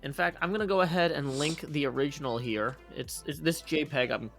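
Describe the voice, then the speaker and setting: A man's voice: on the high side, a little fast, vocal fry, a bit bright. A man streaming live, chatting casually and reading out viewer messages. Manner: chatty, reads out viewer messages and thanks tippers. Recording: faint music behind.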